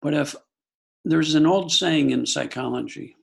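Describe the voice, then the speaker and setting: A husky, gravelly older man speaks as a psychologist guest in a podcast conversation. He reflects on family life through anecdotes, often stopping to restart a thought. The delivery is thoughtful and unhurried. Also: on the high side.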